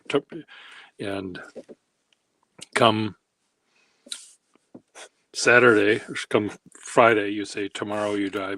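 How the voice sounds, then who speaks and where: A man's voice: lowish voice, vocal fry, fairly bright tone, slightly rough. A man hosting a handwriting workshop, rambling casually in a wry, self-deprecating way while he demonstrates. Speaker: pen workshop host.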